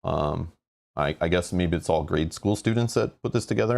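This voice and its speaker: Exasperated low-voiced man reading game rules. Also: moderate pace, gravelly, a little mellow. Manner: rambling, exasperated about the rules. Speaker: host playing a board game. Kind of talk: casual board game playthrough, reading rules aloud.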